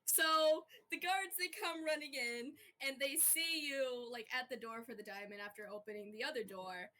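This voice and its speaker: A woman runs a roleplay as game master, her voice a touch high and bright. She narrates in a chatty, giggly, playful way over a voice call. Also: moderate pace. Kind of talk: narrating a tabletop-style roleplay.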